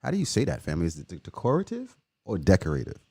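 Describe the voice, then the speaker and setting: A man hosting a casual livestream, chatting loosely and giving shout-outs to viewers by name. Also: low-pitched, very animated, very fast, gravelly, heavy background noise. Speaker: livestream host.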